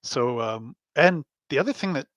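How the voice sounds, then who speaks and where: Guy rambling thru stories on a live stream, laughs a lot, mid pitch, dry sound. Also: lively intonation, normal speed, fairly bright tone, no room sound. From Canada. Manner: rambling, anecdotal, chuckles often. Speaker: host. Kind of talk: casual live stream chat. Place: home hobby room.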